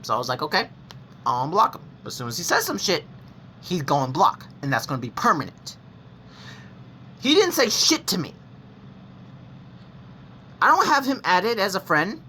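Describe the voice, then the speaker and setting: A mid-range voice, pushed and bright, swings widely in pitch at a normal speed with frequent pauses and slight background noise. It belongs to a young adult gaming vlogger telling personal stories to camera, rambling and blunt, often restarting, correcting himself, and swearing casually.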